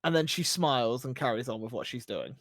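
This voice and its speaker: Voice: mid-range voice, brisk, dry recording. Game master telling the scene, easygoing, says "like" a lot, dry close sound. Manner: relaxed, casual narration with fillers like "like". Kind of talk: narrating a tabletop game.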